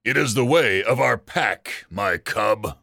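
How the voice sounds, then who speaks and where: A man's voice: lowish voice, expressive, vocal fry, pushed and bright, dry recording, clean studio sound, full character voice. A man voicing an older male fox pack leader, cruel and commanding, in a storybook reading. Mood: menacing. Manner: slow, measured menace.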